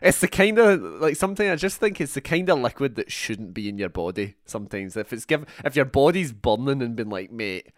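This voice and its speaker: A man's voice: medium pitch, animated, a little fast, hardly any pauses, no echo, studio quality. A young Scottish man hosting a film podcast in a casual chat, joking, laughing often and telling anecdotes. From Scotland. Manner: chatty, laughs often, tells anecdotes with voiced quotes. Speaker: podcast host.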